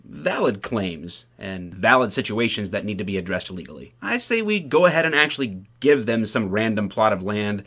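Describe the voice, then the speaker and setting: A man's voice: lowish voice, sing-song, normal speed, fairly bright tone. A man from Michigan who works as a police officer, giving casual, wry commentary to the camera with sarcastic asides. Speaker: police officer, video host.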